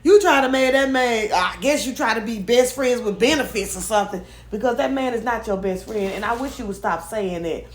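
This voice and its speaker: A woman's voice: a little high, fairly quick, hardly any pauses, a little hiss or hum. Chatty woman vlogger in an echoey room. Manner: chatty and opinionated, many restarts, talks straight to viewers. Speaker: vlogger recapping a show. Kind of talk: casual gossipy recap.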